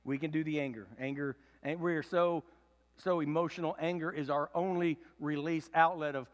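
A man in his fifties preaching a sermon, swinging from loud emphatic preaching to low confiding tones. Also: fairly even intonation, moderate pace, big-room sound. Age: 50s. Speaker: pastor. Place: church sanctuary.

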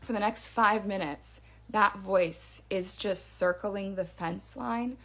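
A woman tells a spooky story in a casual, hushed way. She leans on drawn-out pauses for suspense. Her voice sits at an average pitch. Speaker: storyteller in a social video clip.

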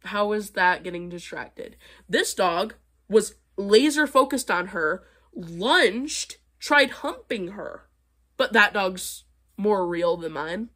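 A woman's voice: medium pitch, expressive, slow, sharp tone. Blunt, sarcastic young woman. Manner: blunt, sarcastic, laughs between points. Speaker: vlogger reacting to comments. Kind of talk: casual vlog commentary.

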